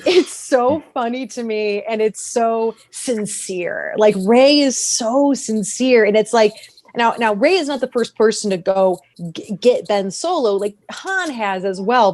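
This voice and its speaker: An animated woman on a podcast, chatting casually and breaking into quick put-on voices for characters. Her voice jumps around in pitch as she laughs and restarts her sentences. The sound is dry and close to the mic. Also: no room sound. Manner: animated, acts out characters' lines mid-sentence. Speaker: podcast guest.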